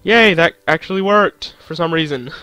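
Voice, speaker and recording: A man's voice: fairly high pitch, normal speed, pushed and bright, no echo, faint music behind. A young man commentating his own gameplay, joking to himself and swearing at the game. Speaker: gaming channel host.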